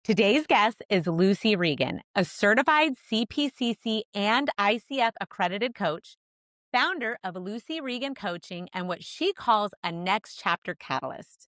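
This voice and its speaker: A woman's voice: medium pitch, expressive, unhurried, a bit bright, no room sound, clean studio sound. A woman from the United States hosting a podcast, upbeat and enthusiastic as she introduces and chats with a guest. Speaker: podcast host. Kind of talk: scripted podcast intro then casual interview.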